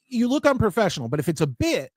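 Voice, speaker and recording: A man's voice: high-pitched, wildly swooping pitch, fast talker, darkish tone, dry recording, clean studio sound. A man from the United States, a father, chatting casually in a rambling way. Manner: rambling, restarts, talks about his daughters. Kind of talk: casual chat.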